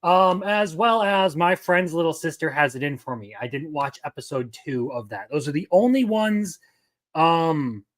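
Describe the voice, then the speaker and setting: A man hosting a casual livestream, chatting with viewers and swearing loudly between laughs. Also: fairly high pitch, normal speed. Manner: profane, loud outbursts and laughter. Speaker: livestream host.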